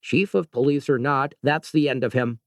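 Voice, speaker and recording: A man's voice: medium pitch, normal speed, no echo, studio quality, voice pushed up, natural voice. Man voicing a blunt joking doctor.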